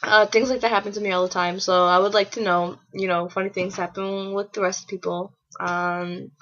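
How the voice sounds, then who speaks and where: A young woman telling funny stories in a casual vlog, full of "like" and fillers, jumping into a high voice to act out quotes. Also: level tone, a little fast, fairly bright tone. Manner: chatty, lots of fillers, acts out quotes in a high voice. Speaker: vlogger. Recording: dull lo-fi webcam audio.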